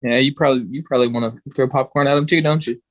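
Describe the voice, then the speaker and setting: A man's voice: mid-range voice, fairly even intonation, racing, no echo. A man co-hosting a podcast, answering in short, teasing retorts. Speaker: podcast co-host. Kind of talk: casual podcast chat.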